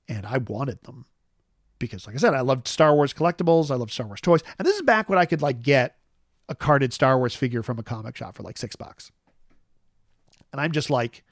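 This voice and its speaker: A man's voice: medium pitch, creaky, dry recording, clean studio sound. A man in his forties hosting a casual chat show, rambling through a personal story with lots of fillers and restarts. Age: 40s. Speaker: host.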